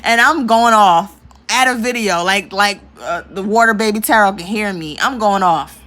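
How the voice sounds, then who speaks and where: A woman vlogging in a casual, storytelling rant, with a bright, forceful edge to her voice. She talks animatedly, breaks into laughter often and curses without holding back. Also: medium pitch, normal speed. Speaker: spiritual vlogger.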